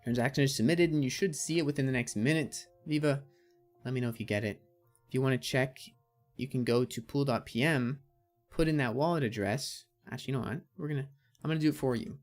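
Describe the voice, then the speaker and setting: A man hosting a casual crypto livestream, chatting and reading out viewer comments and answering them. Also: medium pitch. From Canada.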